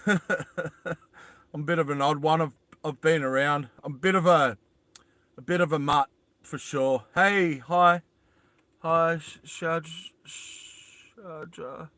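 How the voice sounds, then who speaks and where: A man's voice: fairly high pitch, slow, long pauses, sharp tone, dry recording. An Australian man streaming live from inside his van, rambling casually and greeting viewers as they join. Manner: rambling, greets viewers and answers chat aloud. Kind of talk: casual livestream chat.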